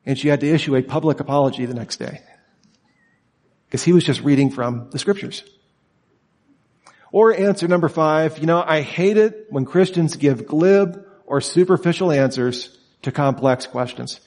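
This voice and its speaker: A man's voice: on the high side, moderate pace, a little mellow, in a large hall. A man teaching at a summer institute, lecturing students in an emphatic way and asking many rhetorical questions.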